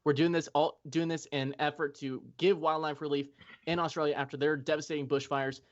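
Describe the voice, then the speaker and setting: A man's voice: on the high side, flat delivery, a little fast. Joking man on a dull remote line. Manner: self-deprecating, stumbling, joking. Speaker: guest contributor. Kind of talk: casual podcast chat and promo read.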